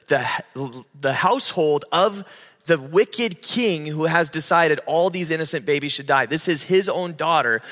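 A man in his thirties preaching a sermon, telling the story with animated energy and acting out the people in it. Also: on the high side. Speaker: pastor. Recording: long hall reverb.

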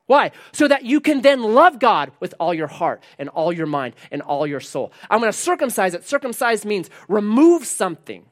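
A man preaching a sermon, animated, swinging between loud emphasis and hushed lines and asking the congregation questions. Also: high-pitched, normal speed. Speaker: pastor.

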